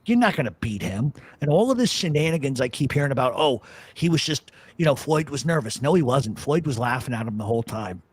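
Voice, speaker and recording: A man's voice: mid-range voice, very animated, a little fast, breathy edge, no echo. A man hosting a talk show, telling stories and arguing his points bluntly, with plenty of swearing. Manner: profane, blunt storyteller. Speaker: radio show host. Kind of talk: casual chat, storytelling.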